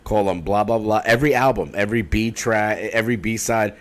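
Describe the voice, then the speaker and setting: A man co-hosting a podcast in casual chat, jokey and laughing often. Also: brisk. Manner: jokey, laughs often, swings his pitch widely. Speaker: podcast co-host.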